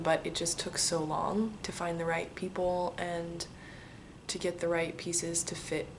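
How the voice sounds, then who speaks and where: In a noisy setting, a twenty-something woman with a lowish voice reads a letter she wrote to herself and responds to its questions. She sounds casual, chatty, excitable and reflective.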